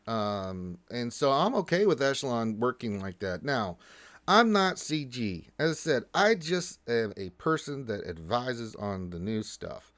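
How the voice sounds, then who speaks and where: A man hosting a casual gaming livestream in an average-pitched voice. He rambles through his points, leaning on fillers and restarting words. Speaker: livestream host and game tester.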